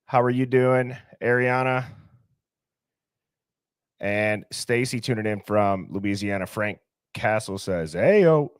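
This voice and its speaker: Guy hosting a live stream, shouting out chat names, upbeat and chatty, dry close sound. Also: on the low side, little pitch movement, takes it slowly, long pauses, clean tone, dry recording. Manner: upbeat, greets viewers one by one. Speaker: livestream host. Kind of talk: casual livestream chat, reading viewer comments.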